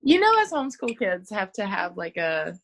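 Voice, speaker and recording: A young woman from North Carolina, a stand-up comedian guest, telling jokey stories in animated chat. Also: medium pitch, moderate pace, a little hiss or hum. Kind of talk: casual chat.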